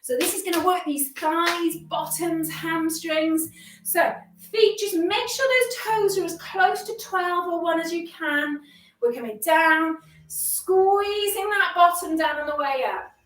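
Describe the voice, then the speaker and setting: A woman leading an exercise class in a very high voice, cheering people on with a steady, unhurried delivery. She sounds slightly out of breath from moving along with the class. The recording is roomy and picked up from a distance, with faint music behind her. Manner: upbeat, encouraging, chatty with self-deprecating jokes. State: a bit out of breath while exercising. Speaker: exercise instructor. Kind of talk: live workout class instruction.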